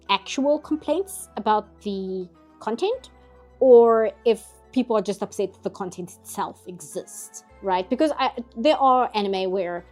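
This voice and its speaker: A woman's voice: mid-range voice, darkish tone. A woman, hosting a casual livestream chat and talking easily with frequent laughs. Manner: chatty, laughs often, mock outrage. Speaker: livestream host.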